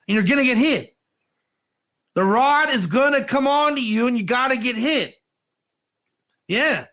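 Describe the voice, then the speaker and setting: A man giving an informal Torah class, energetic and joking, putting questions to his listeners in a classroom. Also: very high voice, unhurried, long pauses. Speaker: Torah teacher.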